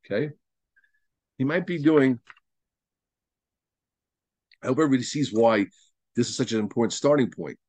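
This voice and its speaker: A man's voice: mid-range voice, animated, normal speed, pauses often, a little mellow, dry recording. A rabbi giving a Torah lesson to a study group, emphatic and repeating words as he builds each point, with Hebrew and Yiddish terms mixed into his teaching.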